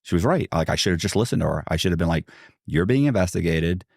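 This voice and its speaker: Man, deep voice, dry close sound, animated storytelling, acts out quotes. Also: fast, vocal fry, no echo. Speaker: guest. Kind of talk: storytelling in a podcast interview.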